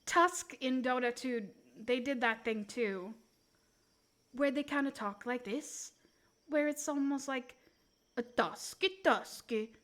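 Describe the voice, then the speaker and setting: A young woman, chatting on a live stream in a high, bright voice. She talks slowly and unhurriedly, giggling and joking as she rambles from one thought to the next. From Sweden. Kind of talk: casual live-stream chat.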